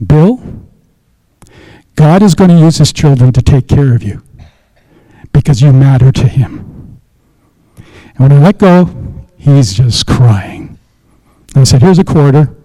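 A man's voice: on the high side, dark tone, poor audio. A middle-aged man preaching a sermon, telling a personal story in a conversational way and then praying aloud. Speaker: pastor.

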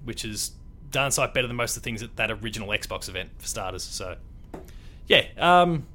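A man with an Australian accent chats loosely on a gaming podcast. His voice is bright and forward, and he rambles with lots of fillers. A faint rumble sits under the recording. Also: lively intonation, fairly quick. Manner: rambling, loose and chatty, with fillers and mild swearing. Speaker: podcast host. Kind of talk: casual chat.

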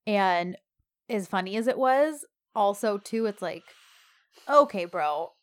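A woman's voice: medium pitch, a little slow. A woman casually recapping a drama episode with a co-host, acting out the characters' lines with rising emphasis. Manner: animated retelling, acts out the lines with rising emphasis. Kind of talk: casual chat.

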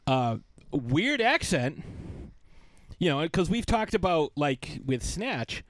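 A man's voice: on the high side, sing-song, takes it slowly, no echo. A man co-hosting a podcast in casual chat, rambling and searching for his words. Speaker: podcast co-host.

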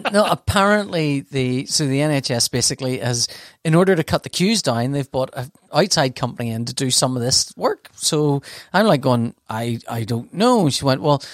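A man's voice: medium pitch, no echo, studio quality. A man telling a long, rambling story in casual chat, often stopping to laugh and sounding flustered. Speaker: podcast host telling a story.

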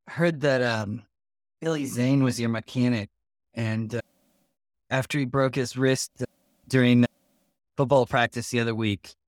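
A man playing a tabletop role-playing game, talking slowly and haltingly with plenty of "uh"s and restarts. His voice sits at an ordinary pitch and is recorded close and dry, with no room sound around it. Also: no echo. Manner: slow, halting, many fillers and restarts, laughs often. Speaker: player. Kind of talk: tabletop role-play, in and out of character.

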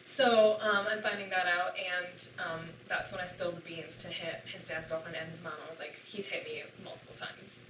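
A low-pitched young woman with a bright, forceful edge tells her story casually and swears freely as she acts out what everyone said. She is recorded from some distance in an echoey room. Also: flat delivery, moderate pace, hardly any pauses, a little hiss or hum. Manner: candid and profane, acting out quoted dialogue. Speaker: podcast guest.

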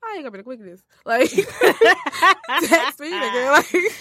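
Lively young woman podcaster, animated storyteller. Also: high voice, takes it slowly. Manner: animated storytelling with frequent laughter. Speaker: podcast co-host. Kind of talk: casual podcast chat. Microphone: podcast microphone.

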